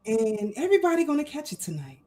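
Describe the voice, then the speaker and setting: A woman hosting a casual live talk show, animated and fired up, greeting her viewers with shout-outs. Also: high-pitched, fast, low-quality recording. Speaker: host.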